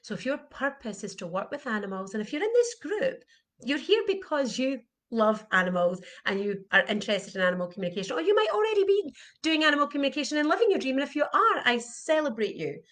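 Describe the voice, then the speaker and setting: A woman's voice: high voice, very animated, fast talker, fairly bright tone. A middle-aged woman, an animal communication coach, giving an earnest, heartfelt motivational talk and repeating her questions for emphasis.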